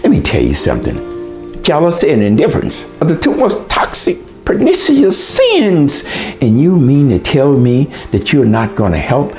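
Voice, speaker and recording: A man's voice: mid-range voice, wildly swooping pitch, normal speed, vocal fry, a little mellow, faint music behind. A man delivering a scolding, rhetorical moral monologue to his listener, asking questions and answering them himself. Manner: acts out other people's voices. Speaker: speaker, former educator.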